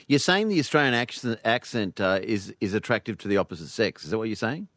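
A man's voice: lowish voice, expressive, fairly quick, a bit bright, dry recording, clean studio sound. A man hosting a casual comic chat, asking playful, teasing questions. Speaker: host.

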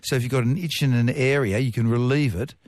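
A man explaining how itching works to others in a conversation, going through his points one by one in a measured way. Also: mid-range voice, a little mellow, no room sound. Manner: measured, numbered points, dry asides. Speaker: expert guest explaining science.

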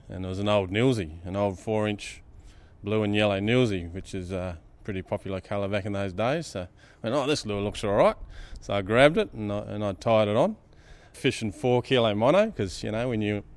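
A man in his fifties from Darwin, speaking with an Australian accent in a fairly low voice, casually spins a yarn and laughs often in a laid-back way. Music plays underneath, and there's a bit of hiss or hum.

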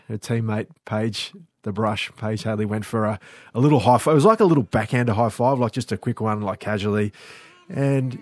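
A man's voice: medium pitch, no echo. A man hosting a casual radio sports chat, easygoing and laughing now and then. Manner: easygoing, laughs while talking. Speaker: host.

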